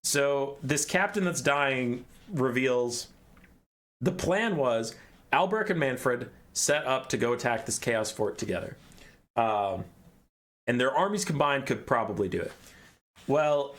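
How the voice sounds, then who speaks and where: Dude rambling through a story recap, swears a lot, backtracks constantly. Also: male voice, medium pitch, expressive, a little slow, a bit bright. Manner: rambling, profane, self-correcting.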